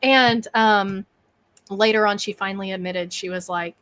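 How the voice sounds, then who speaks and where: A woman, a guest on a podcast, telling a story with lively energy and acting out her own thoughts and quotes. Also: medium pitch, normal speed, a little hiss or hum. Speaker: bigfoot researcher and podcast guest.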